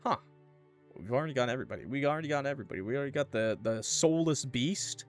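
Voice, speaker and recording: A man streaming a game, chatting casually and thinking aloud in an animated way. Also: medium pitch, fast, soft background music. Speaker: gaming streamer. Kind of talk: casual let's-play commentary.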